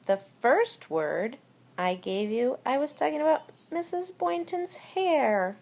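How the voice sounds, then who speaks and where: Slow, deliberate woman teaching spelling to kids. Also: high-pitched, expressive, creaky, a little mellow. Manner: deliberate, spells words out letter by letter. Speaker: elementary school teacher. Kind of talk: recorded spelling lesson for children.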